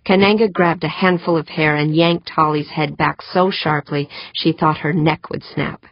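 Woman audiobook narrator, low husky voice, slow deliberate read, dry lo-fi recording. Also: fairly even intonation, no echo. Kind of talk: scripted narration. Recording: dry, slightly dull lo-fi sound.

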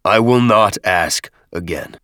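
Narrator playing a hurt alien chief, deep, gruff and commanding, barking short orders. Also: male voice, slow, fairly bright tone, no echo, clean studio sound. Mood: stern. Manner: growling, commanding. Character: old male alien chieftain, wounded and stern.

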